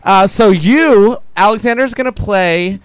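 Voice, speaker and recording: High-voiced man directing a comedy skit. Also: a little slow, clear, resonant tone, no room sound, poor audio. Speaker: scene director and narrator. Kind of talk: improv comedy narration.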